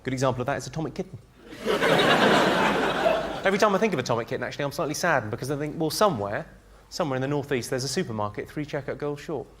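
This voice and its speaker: A man doing stand-up comedy on stage before a live audience, delivering one-liners in a dry, deadpan way. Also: medium pitch, very fast, pauses often. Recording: loud noisy live audience recording.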